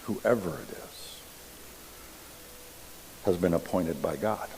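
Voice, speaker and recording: A man preaching a sermon in a church, reading scripture and explaining it deliberately. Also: low-pitched, a little mellow, a little hiss or hum. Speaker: pastor. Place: church sanctuary. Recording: long reverb of a church hall.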